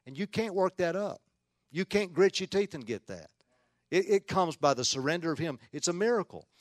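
A man preaching a sermon as a Baptist pastor, telling a story with earnest emphasis, often repeating and restarting words, dropping to hushed tones and rising to loud points. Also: sits high, expressive, moderate pace, no room sound, clean studio sound.

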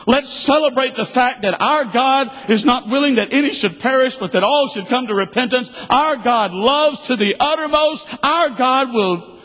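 A man preaching a sermon, emphatic and repetitive, swinging between loud bursts and quiet asides. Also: extremely high pitch, moderate pace, in a large hall, poor audio.

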